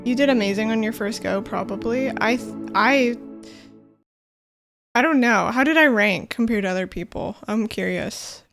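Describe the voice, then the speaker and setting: A woman's voice: a little high, moderate pace, vocal fry, fairly bright tone, soft background music. A woman streaming a puzzle game, chatting casually and joking at her own expense as she plays. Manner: chatty, self-mocking, talks to herself. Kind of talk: casual gameplay commentary.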